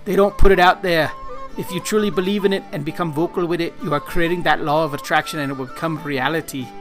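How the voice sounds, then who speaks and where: Brash Irish fighter, boastful and bold, a man hamming up a shaky put-on brogue, voice set a bit high. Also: steady tone, fast talker, over music, natural voice. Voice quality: exaggerated, self-mocking accent.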